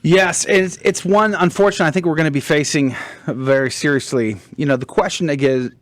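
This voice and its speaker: A man's voice: fairly high pitch, brisk, no echo. A man hosting a talk radio show, chatting casually and prompting his guest with questions. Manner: brief affirming responses, casual.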